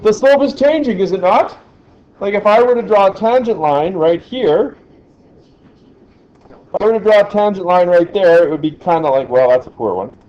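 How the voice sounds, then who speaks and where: A man's voice: sits high, moderate pace, a little mellow, muffled recording. A man teaching a physics lesson in a classroom, quizzing the class as he goes. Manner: chatty, asks the class questions. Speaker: science teacher.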